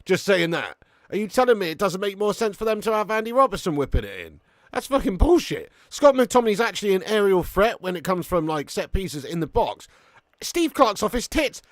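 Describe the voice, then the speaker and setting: Hosting a live football watch-along, a brash Englishman reads viewer comments aloud amid loose banter packed with swearing. He sounds animated and fairly quick, his voice sitting on the high side, in a dry, close recording without room sound.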